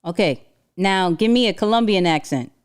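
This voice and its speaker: A woman hosting a casual livestream, talking in an animated, slangy way and laughing often. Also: mid-range voice, normal speed, smooth. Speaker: livestream host.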